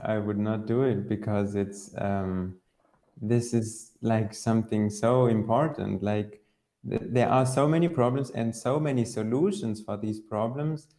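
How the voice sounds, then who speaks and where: A man's voice: on the low side, measured pace, mellow. A man co-hosting a casual podcast conversation, earnest and a little hesitant. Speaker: podcast co-host.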